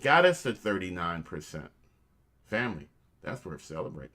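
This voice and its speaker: A man's voice: sits low, sing-song, normal speed, a bit bright. A man hosting a casual show, joking around and giving motivational tips, calling his listeners family. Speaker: host.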